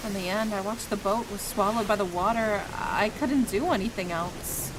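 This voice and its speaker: A woman's voice: mid-range voice, normal speed, noisy background, close to an everyday voice. A woman voicing an earnest, troubled young man in a game, speaking seriously.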